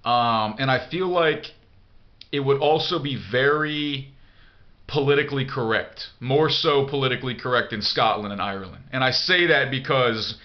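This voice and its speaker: A man's voice: medium pitch, normal speed, lo-fi sound. A man in a casual vlog monologue answering a viewer email, blunt and profane, rambling with lots of fillers. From United States. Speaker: vlogger.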